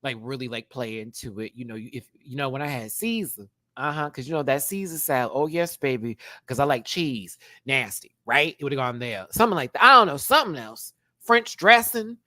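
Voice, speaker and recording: Animated, sassy man ranting on a live stream. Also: medium pitch, no room sound. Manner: sassy, animated, quick to laugh. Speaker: drag show reviewer and channel host. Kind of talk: live-stream review rant.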